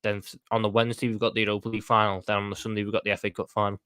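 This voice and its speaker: Fast-talking Scouse man, blunt and heated. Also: on the low side, level tone, a bit bright, clean tone, dry recording. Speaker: podcast co-host. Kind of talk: casual football chat.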